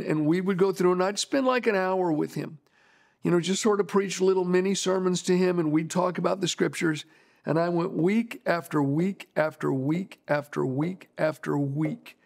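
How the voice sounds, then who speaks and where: Gravelly high-voiced male preacher. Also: a little mellow. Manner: repeats phrases for emphasis. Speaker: pastor. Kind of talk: storytelling sermon.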